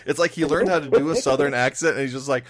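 Over background noise, a man with a mid-range voice sits on a casual movie review panel. He laughs a lot and keeps stammering and restarting his sentences.

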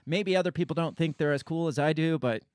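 A man hosting a podcast in a loose, rambling way, blunt and quick to swear. His voice sits a touch high. The sound is dry and close, with no room in it. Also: darkish tone, clean tone, no echo. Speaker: podcast host. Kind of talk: casual political podcast chat.

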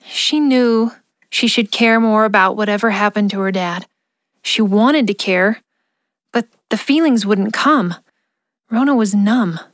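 A woman narrating an audio drama in a measured, expressive reading. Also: mid-range voice, no room sound, studio quality. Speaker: narrator and ad host.

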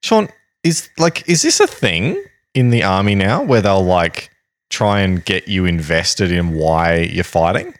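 A man's voice: deep voice, very animated, dry recording. A man co-host chatting casually in his lounge room, reacting and joking. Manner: reactive, joking, quick asides. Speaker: podcast co-host. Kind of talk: casual chat.

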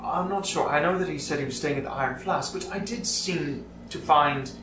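A man's voice: fairly high pitch, normal speed, close to an everyday voice. A man voicing a nervous male clerk who speaks formally and apologizes often. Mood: apologetic. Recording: echoey room, mic far off, faint noise.

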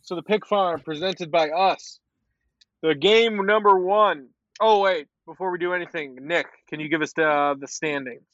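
Podcast host, male, high voice, dry dull mic, jokey and leading. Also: normal speed, fairly bright tone, no room sound. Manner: joking, leads the segments. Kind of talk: casual sports chat.

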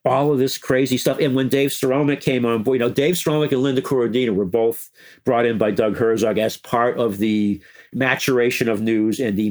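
An older man telling animated, chuckling stories as an interview guest, slipping into quoted voices. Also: medium pitch. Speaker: interview guest, former music news editor. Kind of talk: anecdotal interview storytelling.

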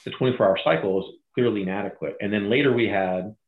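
A middle-aged man retelling a crisis story in an interview, animated and acting out the voices of others. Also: on the low side, fast talker. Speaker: guest, former bank crisis manager. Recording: echoey, phone-like audio.

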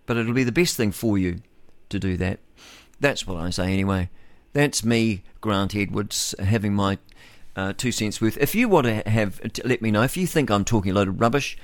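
A blunt, rambling male talk-radio host, chuckling to himself as he airs his opinions. His voice sits fairly low and sounds close and dry in a dead studio. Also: no echo. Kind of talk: opinionated solo radio monologue.

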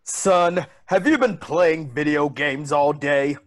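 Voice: mid-range voice, slow, natural voice. A performer voicing a harried father who stammers and pleads, in a comedy sketch read over a video call. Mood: scolding. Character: harried middle-aged father, scolding then cowering.

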